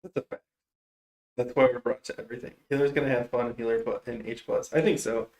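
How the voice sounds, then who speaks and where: A man's voice: mid-range voice, steady tone, a little mellow, echoey room. A young man streaming a game, chatting casually with teammates, joking and laughing often. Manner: jokey, laughs often, quick reactions. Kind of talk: casual gameplay chat.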